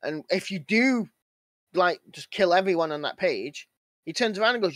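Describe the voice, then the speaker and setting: Podcast co-host, male, slightly high, acts out the characters in his stories. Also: moderate pace, dry recording. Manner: animated storytelling, acts out characters. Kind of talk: casual gaming podcast chat.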